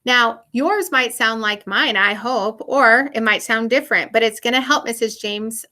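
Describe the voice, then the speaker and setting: Music teacher lady explaining stuff to little kids online, bright upbeat voice, kinda high. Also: moderate pace. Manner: upbeat, encouraging, explains step by step. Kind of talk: recorded online lesson for children.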